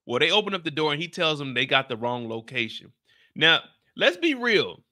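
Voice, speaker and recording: Animated slangy American man recapping. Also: on the high side, moderate pace, no echo, studio quality. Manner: animated, slangy, playful, reads out chat questions. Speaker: show recap host. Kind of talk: casual recap talk to a live chat.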